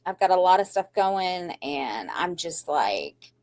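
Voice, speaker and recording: A woman's voice: lowish voice, very animated, slow, a little mellow. An older woman, talking to her viewers in a rambling, anxious way that turns defiantly upbeat, with a shaky voice close to tears. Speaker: craft channel host. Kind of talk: emotional live chat to viewers.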